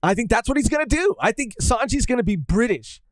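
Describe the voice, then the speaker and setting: A man's voice: very high voice, sing-song, brisk, dry recording. A man co-hosting a podcast in casual chat, laid-back, saying "dude" often and laughing easily. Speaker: podcast co-host.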